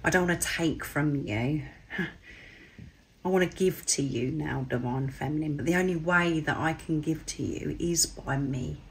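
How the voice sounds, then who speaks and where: A woman with a slightly hoarse, husky voice, earnestly channeling a spiritual message and speaking in soft, repeated phrases. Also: low voice, a little slow, a little hiss or hum, low-quality recording. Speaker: spiritual card reader.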